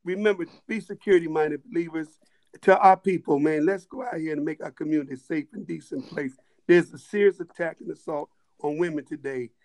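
Guest storyteller: man, fairly high voice, animated, restarts often, casual chat. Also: a little fast. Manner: animated, repetitive restarts, laughing asides.

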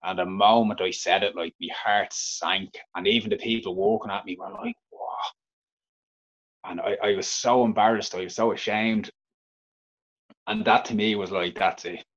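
A man with a Dublin Irish accent, an interview guest telling his own story frankly, halting and restarting often. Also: on the low side, fairly even intonation, a bit bright, highs cut off. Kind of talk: candid personal storytelling.

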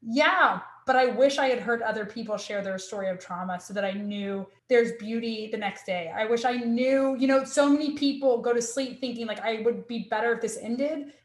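Guest spot: earnest female academic, a bit high-voiced, roomy echo on the recording. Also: a little fast, few pauses, darkish tone. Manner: earnest, emotional, with many restarts. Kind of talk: candid personal storytelling.

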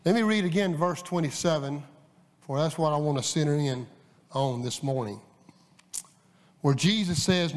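A man preaches in a folksy, halting way, telling a story between readings of scripture. His voice sits a bit high for a man. The sound rings with the long reverb of a church sanctuary. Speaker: guest preacher.

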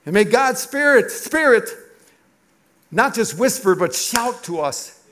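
A middle-aged man, a pastor, preaching a sermon through an animated, confessional personal story. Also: extremely high pitch, takes it slowly.

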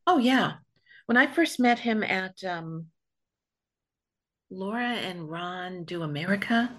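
A woman's voice: medium pitch, expressive, slow, a bit bright. A woman from New York hosting a podcast, telling stories in casual chat and laughing often. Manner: chatty storyteller, laughs often. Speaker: podcast host.

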